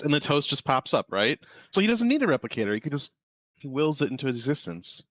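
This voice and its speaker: A man's voice: medium pitch, very animated, quick pace, a bit bright, no echo. A man co-hosting a movie watch-along, playful and chatty, who explains things at length with lots of fillers. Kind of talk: casual chat over a movie.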